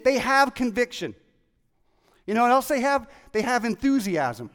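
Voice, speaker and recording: An excitable preacher with a very high, light voice delivers his sermon, acting out the people in the story as he goes. The sound rings with the long reverb of a large hall. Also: moderate pace. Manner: excitable, animated, acts out quoted voices. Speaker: pastor.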